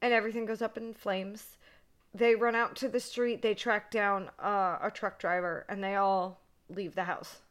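A woman co-hosting a horror podcast, recapping a movie in casual, excitable chat, swearing freely and saying "like" a lot. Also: medium pitch, normal speed.

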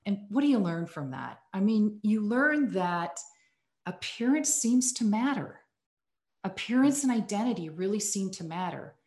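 A woman's voice: mid-range voice, sing-song, unhurried, a little mellow. Earnest woman telling a story, echoey room. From United States. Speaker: podcast guest, communications executive. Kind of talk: casual storytelling interview.

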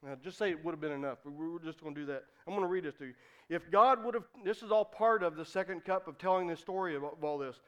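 A male pastor giving a sermon, talking conversationally with many restarts and rising into fervent, shouted refrains. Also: on the high side, very fast, few pauses, clean tone, muffled recording.

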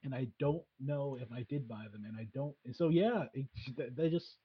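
A man's voice: mid-range voice, fairly quick, slightly rough, narrow, tinny audio. A man hosting a casual chat, hesitant and full of fillers and restarts. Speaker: podcast host.

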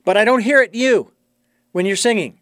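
An American man hosting an interview show, talking in a folksy, halting way with many fillers. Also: sits high, fairly bright tone, dry recording, studio quality. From United States. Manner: folksy, halting, playful with voices. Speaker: radio show host. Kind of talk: interview conversation.

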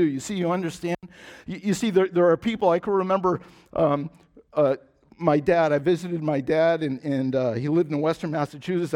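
A man preaching with a somewhat high-pitched voice, earnest and insistent. He repeats phrases and stumbles over restarts. His voice sinks quiet and low for emphasis. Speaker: pastor. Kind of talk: sermon.

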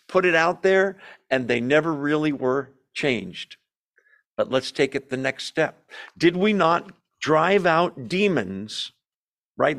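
A man's voice: on the high side, fairly bright tone. A man teaching an evening Bible study, reading verses aloud with emphasis and putting rhetorical questions to the room. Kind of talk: sermon-style Bible teaching. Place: church room.

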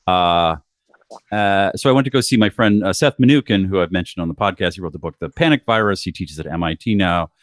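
A man hosting a podcast, telling stories in a casual, animated way and acting out what his friends said. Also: low voice, fairly quick, no room sound, studio quality. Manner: animated storyteller who acts out quoted friends. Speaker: podcast host.

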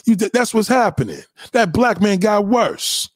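High-pitched man in a profane rant. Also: animated, unhurried, no room sound, clean studio sound. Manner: profane, confrontational, swings between loud and low. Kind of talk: ranting monologue.

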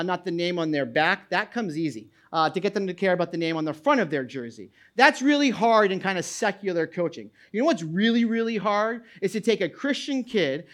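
High-voiced animated male pastor preaching. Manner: animated preaching, booming when reading scripture aloud; repeats words and restarts often. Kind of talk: sermon.

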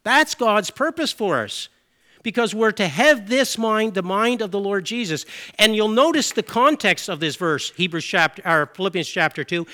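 A man's voice: high voice, pushed and bright. A middle-aged man from Canada preaching a sermon in an earnest, conversational way, with asides and self-corrections.

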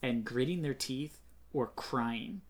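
A man's voice: medium pitch, slow pace. A man co-hosting a comic book podcast in casual chat, opinionated and rambling, full of "like". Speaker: podcast co-host.

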